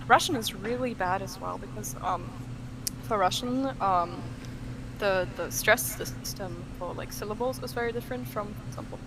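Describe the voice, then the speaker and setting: A young woman from Germany, a podcast guest in casual chat, animated, laughing often, full of fillers and restarts. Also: medium pitch, moderate pace, background noise.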